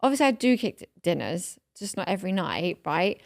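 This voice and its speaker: A woman's voice: on the low side, big pitch swings, brisk, creaky, no room sound, studio quality. A woman in her thirties, co-hosting a podcast and telling a story in casual chat, full of fillers and emotion. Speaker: podcast co-host.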